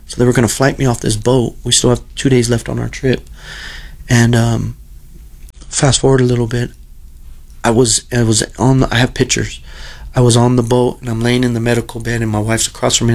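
A man's voice: medium pitch, level tone, quick pace, vocal fry, darkish tone. A middle-aged man telling a long personal story in an earnest, rambling way, often repeating himself. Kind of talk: casual storytelling.

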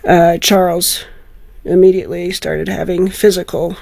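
A woman's voice: on the low side, little pitch movement, creaky, a little mellow. A middle-aged woman, a teacher and foster parent, telling her story earnestly as an interview guest. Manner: earnest, heartfelt, halting restarts.

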